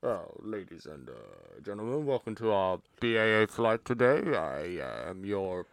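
A man voicing a self-important pretend airline captain, drawling slowly with hesitations. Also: lowish voice, very animated, dry recording, studio quality, pitched below the performer's own voice. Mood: pompous. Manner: slow, drawling announcer voice with hesitations.

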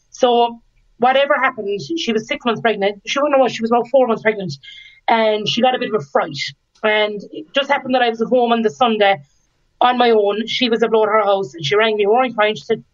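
Woman in her thirties, candid guest who laughs through her story; dull lo-fi recording. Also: medium pitch. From Ireland. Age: 30s. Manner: lively, laughs often, acts out quoted lines. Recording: dull lo-fi sound.

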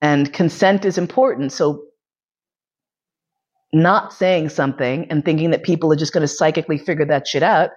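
A woman's voice: sits low, normal speed, darkish tone, husky. A woman hosting a podcast, telling a personal story in a candid, chatty way and filling her talk with "like.". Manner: candid and chatty, many "like"s, bursts of laughter. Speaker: podcast host. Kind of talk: casual confessional storytelling. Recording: slightly muffled lo-fi recording.

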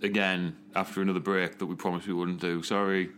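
A man's voice: deep voice, little pitch movement, a little fast, over music. Sweary, sardonic hungover man. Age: about 30. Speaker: podcast co-host. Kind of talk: casual banter.

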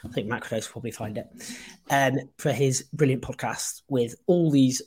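A man's voice: medium pitch, a little mellow, breathy edge. Sarcastic man hosting a livestream. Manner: impassioned, sarcastic, fast asides. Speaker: host. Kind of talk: political commentary livestream.

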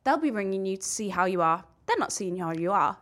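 A woman's voice: mid-range voice, lively intonation, brisk, a bit bright. A young woman co-hosting a casual podcast, blunt and frank, handing out tough-love advice. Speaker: podcast co-host. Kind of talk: casual chat.

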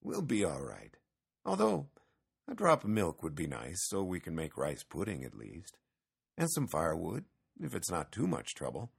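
A man reading as a gentle, husky old farmer. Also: deep voice, huge pitch swings, moderate pace, exaggerated voice. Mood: calm. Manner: soothing, mild, patient. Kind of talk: storybook reading.

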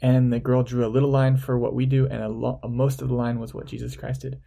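Man, church speaker, earnest and explanatory, husky dark voice. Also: medium pitch, monotone, a little fast. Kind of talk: reading a parable, then a sermon talk.

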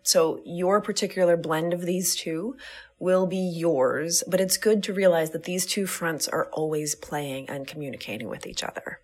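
A woman in her thirties talks through her own podcast in a candid, breezy way. Her voice sits a little low for a woman, and she drops casual swears into her business talk as a coach. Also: normal speed.

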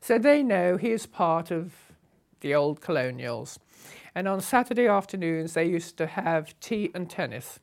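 Animated older British woman reminiscing. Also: fairly low pitch, a little slow. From Britain. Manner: lively, humorous reminiscing. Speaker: storyteller. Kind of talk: recounting a memoir.

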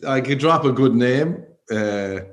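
Irish comic from Cork, male, easygoing mid-range voice, relaxed mumbled storytelling. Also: medium pitch, takes it slowly. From Ireland. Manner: calm, laid-back, mumbling storyteller. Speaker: stand-up comedian. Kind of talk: casual podcast chat.

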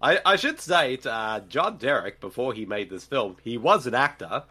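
Giggly animated man riffing on a movie. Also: mid-range voice, moderate pace, slightly rough. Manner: giggly, animated, bursts of laughter. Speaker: podcast co-host. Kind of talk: casual movie commentary chat.

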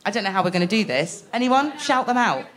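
A woman's voice: medium pitch, sing-song, quick pace. A woman co-hosting a live podcast, joking and self-mocking as she playfully presents facts. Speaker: podcast co-host. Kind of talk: casual live podcast chat. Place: live event in a shop.

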